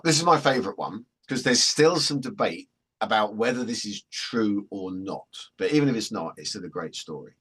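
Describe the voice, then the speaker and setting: A man gives a workshop talk with a slightly low, husky voice. He tells stories in a chatty, joking way and keeps the audience with him. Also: a bit bright. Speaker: workshop presenter.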